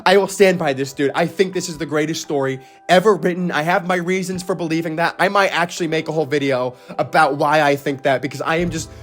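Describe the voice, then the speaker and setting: A man's voice: a little high, steady tone, quick pace, few pauses, fairly bright tone, faint music behind. A young man talking alone, gushing about a story he loves, with frequent swearing, stammered restarts and sudden squealing voice cracks. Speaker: anime and manga reaction host. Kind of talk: excited solo reaction talk.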